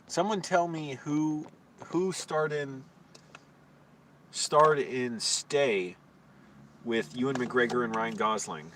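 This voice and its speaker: A man's voice: mid-range voice, slow, long pauses, fairly bright tone. A man in a casual vlog, rambling in a crude, self-deprecating, tired way. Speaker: vlogger, homeless filmmaker. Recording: distant mic with traffic noise.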